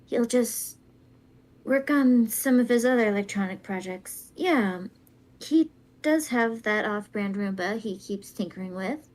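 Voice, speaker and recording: Woman reading fanfic softly. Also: a little high, unhurried. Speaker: fanfic reader. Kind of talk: casual reading aloud.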